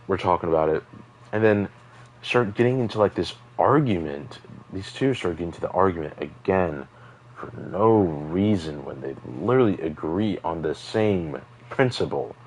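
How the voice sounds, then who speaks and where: A man's voice: low-pitched, a little hiss or hum, low-quality recording. A young man rambling through a personal story while playing a video game, full of fillers and asides. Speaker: gaming streamer.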